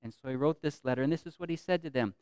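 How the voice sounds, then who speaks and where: A man preaching a sermon as pastor, earnest, repeating phrases for emphasis and swinging from loud to soft. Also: a little high, racing, clear, resonant tone, no room sound.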